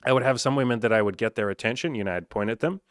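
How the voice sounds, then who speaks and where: A man's voice: mid-range voice, racing, dry recording, studio quality. A man talking as a dating coach in a casual, blunt monologue full of swearing. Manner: blunt and profane, conversational.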